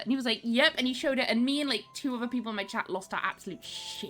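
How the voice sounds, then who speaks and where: A woman's voice: high-pitched, fast talker, few pauses. Bubbly woman chatting over game music. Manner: chatty, giggly, animated storytelling. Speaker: game streamer. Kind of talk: casual chat while playing and reading game dialogue. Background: faint game music.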